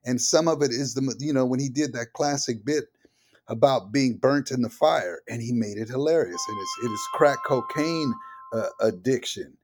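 A man's voice: mid-range voice, moderate pace, background noise. Older man telling vivid stories. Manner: vivid storyteller who acts out the voices in his stories. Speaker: comedian guest. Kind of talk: animated personal storytelling.

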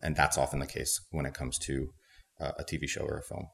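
A young adult man, a stage actor, answering interview questions in a thoughtful, measured way. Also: very deep voice, flat delivery, gravelly, fairly bright tone. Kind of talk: interview conversation.

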